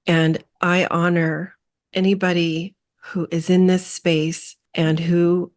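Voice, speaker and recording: A woman hosting a podcast, speaking gently and affirmingly, pausing and restarting as she searches for words. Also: fairly low pitch. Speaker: podcast host and coach. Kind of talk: interview conversation.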